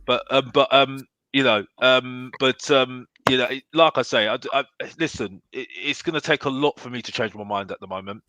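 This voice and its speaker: Fired-up man with a bright, dry voice. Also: medium pitch, fairly even intonation, moderate pace, few pauses, dry recording. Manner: emphatic, keeps asking "yeah?"; blunt and fired up. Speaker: football fan pundit guest. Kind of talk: casual debate chat.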